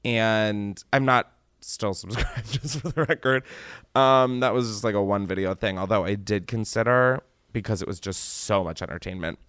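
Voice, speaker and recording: A man's voice: on the low side, normal speed, a bit bright, smooth, no echo, studio quality. A young man hosting a call-in advice podcast, blunt and self-mocking, swearing freely and slipping into exaggerated mock voices. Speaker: podcast host answering call-in questions. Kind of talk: casual comedic advice chat.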